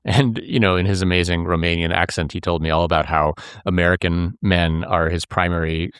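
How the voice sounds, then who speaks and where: A man with a very low voice speaks earnestly in a relaxed interview, often stumbling and restarting mid-sentence. The recording is dry and close. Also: clean tone, no room sound. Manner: earnest, halting, with frequent restarts and filler words. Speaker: reporter and podcast co-host, interview guest. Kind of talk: conversational interview.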